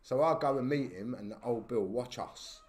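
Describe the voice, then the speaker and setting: A man, a podcast guest telling stories in casual talk, animated and full of slang and tag questions. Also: medium pitch, normal speed. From England. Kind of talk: casual storytelling.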